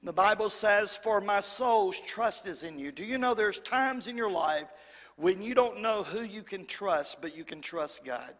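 A man's voice: high-pitched, expressive, measured pace, fairly bright tone. A man preaching a sermon to a congregation, repeating phrases and calling for amens. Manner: preacherly, repetitive, calls for amens. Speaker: pastor. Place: church hall. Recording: long hall reverb.

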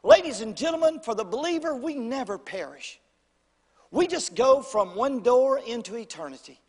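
An older pastor preaches with a high, bright voice. He calls out to the congregation for amens and swings between booming lines and hushed ones. The sermon rings with the long reverb of a church sanctuary. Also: moderate pace, breathy edge. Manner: preacherly call-and-response, animated swings in pitch and volume.

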